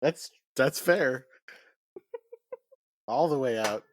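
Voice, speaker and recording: A man's voice: mid-range voice, animated, very slow, slight background noise. A man co-hosting a podcast, chatting casually with big, exaggerated reactions and frequent laughter. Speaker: podcast co-host.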